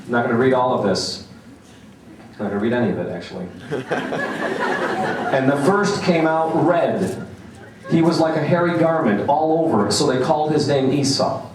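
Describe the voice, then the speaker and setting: A man's voice: medium pitch, lively intonation, moderate pace, pauses often, noisy background. A man giving a sermon, telling a personal story and acting out the voices of its people. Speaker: speaker. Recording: echoey room, voice from some distance.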